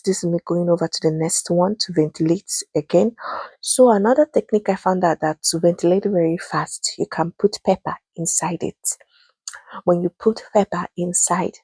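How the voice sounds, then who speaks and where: Low gravelly woman with a Nigerian accent. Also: mellow, no room sound. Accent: Nigerian English. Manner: patient, repeats instructions, slow and emphatic. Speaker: wig-making tutor. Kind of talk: voice-over tutorial.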